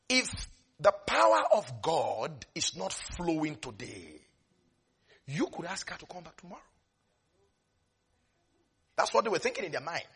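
A man preaching a sermon with lots of energy, dropping into soft asides, then rising to shouts, and laughing often as he speaks. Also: high voice, sing-song, measured pace, vocal fry, long pauses, husky. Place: church service.

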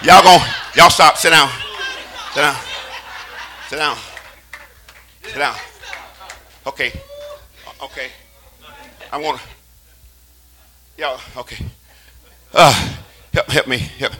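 A man preaching a call-and-response sermon in a church, shouting and singing his phrases. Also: medium pitch, fairly even intonation, takes it slowly, pauses often, a crowd in the background, rough recording. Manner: shouting, sing-song preaching cadence.

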